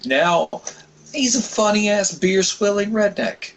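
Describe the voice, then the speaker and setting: A man's voice: high-pitched, slow pace, a crowd in the background, rough recording. A young man co-hosting a podcast, rambling and swearing freely as he retells things. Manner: rambling, swears freely, quotes others in animated bits. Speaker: podcast co-host. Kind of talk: casual chat.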